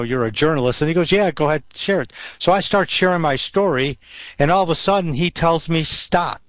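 A man's voice: mid-range voice, fairly bright tone, no echo. A man telling a personal faith story in a rambling way, with many restarts and fillers. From Western New York. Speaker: guest sharing testimony. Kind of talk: storytelling testimony.

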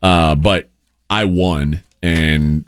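A man's voice: low-pitched, fairly even intonation, extremely slow, clear, resonant tone, no echo, studio quality. A man co-hosting a radio show, chatting casually with loose, rambling storytelling.

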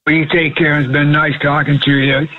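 A man in his eighties calling in to a radio show, talking in a slow, friendly, rambling way. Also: fairly high pitch, level tone. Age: 80s. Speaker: caller. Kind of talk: phone call to radio show. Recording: phone line.

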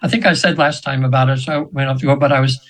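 A man's voice: medium pitch, fairly even intonation, rapid-fire, fairly bright tone, rough recording. A man in his seventies, a radio show guest, telling a spiritual story in an earnest, meandering way with frequent restarts. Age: 70s.

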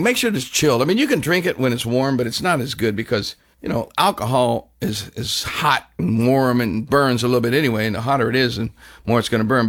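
Male host, casual chat, rambling anecdotal storyteller, mid-pitched voice. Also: a bit bright.

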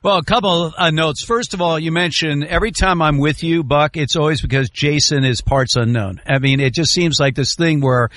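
A male radio host chatting casually about sports, animated and joking, his voice jumping up loudly at times. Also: on the high side, a little fast, hardly any pauses, no room sound, clean studio sound. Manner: animated, jokey, swings to loud exclamations.

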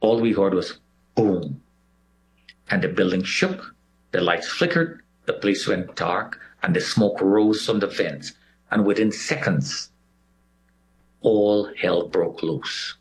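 Animated male storyteller, low voice. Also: slow pace. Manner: animated storyteller who acts out quoted voices. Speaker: guest recounting an experience. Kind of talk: personal recollection.

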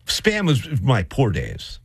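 A man chatting casually as a co-host, animated, acting out quotes and laughing often. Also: medium pitch, takes it slowly, creaky, noisy background. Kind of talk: casual chat.

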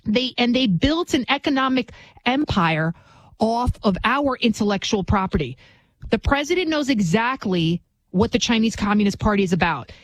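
A woman's voice: a little high, lively intonation, moderate pace, dry recording, rough recording. Emphatic woman delivering a dry political monologue. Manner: emphatic, repetitive, rhetorical tag questions. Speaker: political commentator.

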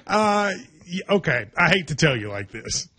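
A man's voice: a little high, very animated, moderate pace, bright, forceful tone, slightly rough. A man hosting a sports talk show, chatting casually and teasing his co-host wryly. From Kentucky. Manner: wry, teasing, hedging restarts. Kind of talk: casual sports radio chat.

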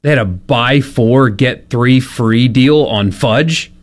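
A man co-hosting a sports talk radio show, teasing and telling stories in a relaxed way. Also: medium pitch, slow pace. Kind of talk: casual studio banter.

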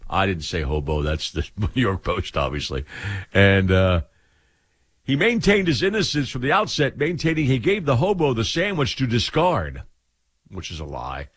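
A man's voice: fairly low pitch, sing-song, normal speed, fairly bright tone, husky, no echo, clean studio sound. A man hosting a casual talk show, rambling and laughing through his stories. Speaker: radio show host. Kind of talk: casual morning-show banter.

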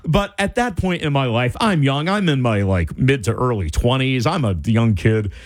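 A man telling a personal story in a casual, animated way, full of "like" and restarts. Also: medium pitch, normal speed, no echo, studio quality. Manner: animated, wide-ranging delivery, lots of "like" and restarts.

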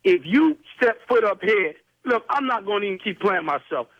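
Man, high voice, street slang, swearing, repeats himself, muffled phone line. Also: animated, normal speed. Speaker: prank call target.

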